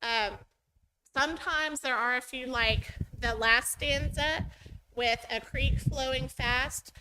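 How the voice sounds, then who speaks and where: Bright clear lady teacher chatting thru a training talk, kinda high voice. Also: slow, a little hiss or hum, poor audio. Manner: chatty, acts out students' voices.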